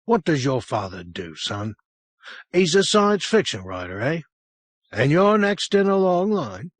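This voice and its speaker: A man's voice: a little high, sing-song, a little slow, no echo, pitched above the performer's own voice. A man playing a weary, patient police sergeant. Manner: dry, patiently teasing.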